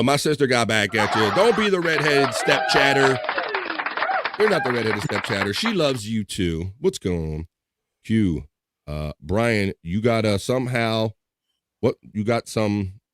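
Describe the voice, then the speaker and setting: A man's voice: lowish voice, a little hiss or hum. A man hosting a casual livestream, joking loosely and reading viewer comments aloud. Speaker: livestream host. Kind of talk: casual live chat.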